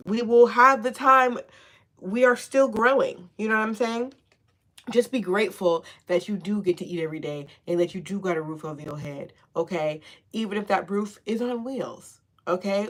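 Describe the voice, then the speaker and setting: A woman gives a casual tarot reading in an average-pitched voice. She talks in sassy, slangy bursts, swears freely and keeps reassuring the listener, checking in with "okay?" again and again. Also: fairly bright tone. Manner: sassy, slangy and profane, with frequent "okay?" and laughs; encouraging and affirming. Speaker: tarot reader.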